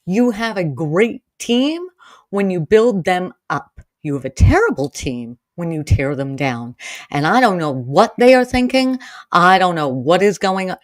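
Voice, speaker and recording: Slow, low-voiced chatty woman podcaster from Maine. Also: big pitch swings, no room sound. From Maine, USA. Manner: chatty and rambling, addresses listeners directly; gets heated and exasperated when ranting. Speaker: podcast host. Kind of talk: casual solo podcast chat.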